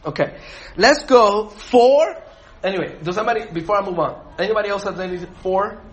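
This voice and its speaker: A man leading a group Bible study, animated, asking the group questions and laughing often. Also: sits high, brisk.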